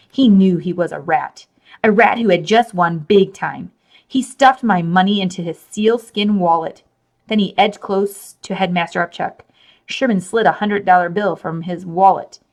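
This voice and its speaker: A woman reading a children's chapter book aloud with animated, expressive storytelling. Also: on the low side. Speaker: storybook reader.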